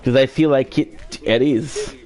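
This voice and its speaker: A man's voice: mid-range voice, a little slow, crowd noise. Tired, rambling male game streamer. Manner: rambling, filler-heavy, swears casually. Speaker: gaming streamer. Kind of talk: casual live gameplay chat.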